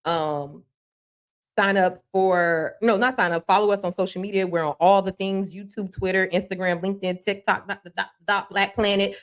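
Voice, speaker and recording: Hosting a local news livestream like a relaxed talk show, a woman speaks at medium pitch with a steady tone and moderate pace. She chats in a folksy way, often laughing as she greets her viewers by name.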